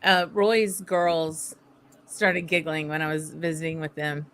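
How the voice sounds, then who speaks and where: A woman's voice: deep voice, flat delivery, a little slow, fairly bright tone, clean tone. A woman with a Southern American accent hosting a casual whisky tasting chat, thinking aloud and laughing often. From southern United States. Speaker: host.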